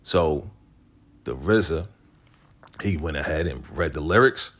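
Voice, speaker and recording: A man's voice: expressive, unhurried, fairly bright tone. A man casually recapping a TV episode, using slang, saying "right?" a lot and acting out the characters' lines. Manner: retells scenes, quoting characters in a lowered voice; slangy, repeats "right?" and "you know". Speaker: TV recap host.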